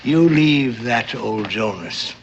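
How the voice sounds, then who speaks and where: A grizzled old sea captain. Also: male voice, mid-range voice, lively intonation, slow, dull audio, a little hiss or hum. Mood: scheming. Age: older. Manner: salty sailor talk, boisterous and cajoling.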